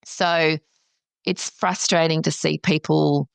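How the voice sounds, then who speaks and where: Animated woman, gravelly low voice. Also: no room sound. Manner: animated, acts out her own past thoughts in quick asides. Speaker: counsellor and business founder, podcast guest. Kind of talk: casual interview chat.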